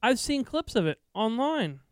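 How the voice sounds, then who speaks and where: A man co-hosting a podcast in casual chat, halting and stammering as he speaks. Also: very high-pitched, sing-song, clear, resonant tone, no room sound, clean studio sound. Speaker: podcast co-host.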